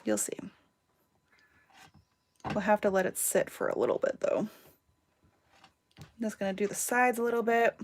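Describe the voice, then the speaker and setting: A woman's voice: mid-range voice, fairly even intonation, normal speed, pauses often. A woman hosting a casual livestream craft tutorial, chatting and giggling with her viewers as she works. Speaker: crafting channel host.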